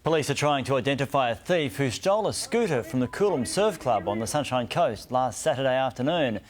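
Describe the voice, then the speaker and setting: An Australian man presenting the evening news from the studio with crisp, even delivery. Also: mid-range voice, a little fast.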